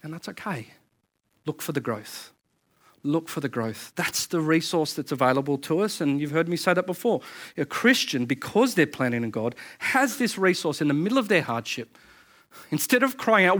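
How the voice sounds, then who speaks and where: A man preaching a sermon as pastor, animated and repeating words as he builds to his points. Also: on the high side, moderate pace. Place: church service.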